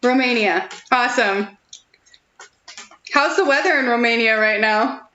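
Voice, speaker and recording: A young woman with a fairly high voice gives a chatty, reassuring tarot reading on a live stream, speaking unhurriedly and laughing lightly between thoughts. Her voice sounds pushed and bright, with a roomy echo and slight muffling, as if from a built-in mic, plus a little hiss or hum.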